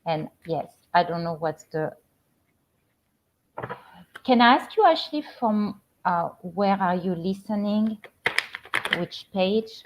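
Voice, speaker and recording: A middle-aged woman with a French accent, a spiritual coach hosting a casual live stream from home, talking gently with many halting restarts. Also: mid-range voice, lively intonation, slight background noise. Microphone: computer or phone camera on a live stream. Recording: slightly dull lo-fi stream audio.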